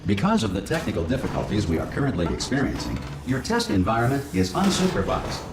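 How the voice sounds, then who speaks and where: An actor playing a male facility announcer system, reading announcements in a measured, formal way in a video game. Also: on the low side, huge pitch swings. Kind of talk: recorded public announcement. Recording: roomy game audio with background noise.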